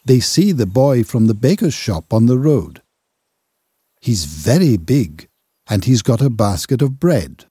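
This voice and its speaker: A man narrating a simple children's reader slowly and carefully. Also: medium pitch, sing-song, mellow, no echo, clean studio sound. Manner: slow, clear, careful reading. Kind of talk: graded reader audiobook narration.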